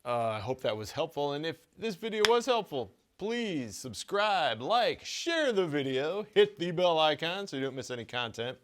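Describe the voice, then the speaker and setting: A man giving a casual drum lesson, talking in a relaxed way with many stammered restarts and small chuckles. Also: on the high side, moderate pace, few pauses. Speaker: drum teacher.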